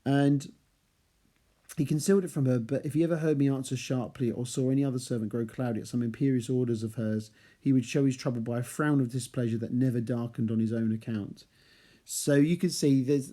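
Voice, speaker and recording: A literature teacher leads a chatty chapter analysis lesson, reading passages aloud and explaining them with playful asides. He has a mid-range, dark-toned voice at a moderate pace.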